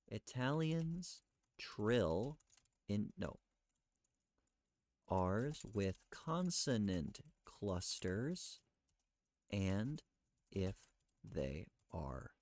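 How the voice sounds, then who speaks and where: A man thinking aloud as he looks things up, questioning himself and reading search results aloud in a halting, muttering way. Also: fairly low pitch, dry recording. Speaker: streamer researching live.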